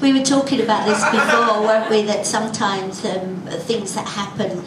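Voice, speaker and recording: Female co-host, hesitant and filler-heavy, distant in an echoey room, loud noise. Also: mid-range voice, moderate pace. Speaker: chat-show co-host. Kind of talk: casual chat-show interview. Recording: echoey, distant, very noisy live recording.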